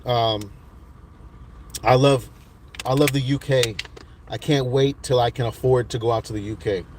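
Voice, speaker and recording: A man's voice: mid-range voice, fairly even intonation, a little slow, darkish tone, a little hiss or hum. Laid-back man rambling through chat. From United States. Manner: rambling, laid-back, with many restarts and fillers. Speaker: livestream host reading chat. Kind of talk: casual chat.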